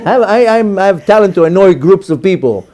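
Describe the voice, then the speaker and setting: A middle-aged rabbi lectures in a mellow, somewhat high voice, telling stories and acting out the quotes. He mixes jokes into his teaching and talks with a lively, casual manner. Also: quick pace. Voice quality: storytelling with acted-out quotes, joking.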